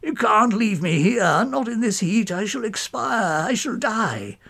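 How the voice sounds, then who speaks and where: A man's voice: high-pitched, very animated, a little slow, creaky, pushed and bright, slightly rough, pitched above the performer's own voice, full character voice. A man voicing a fat, pompous male poet who whines and complains breathlessly. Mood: whining.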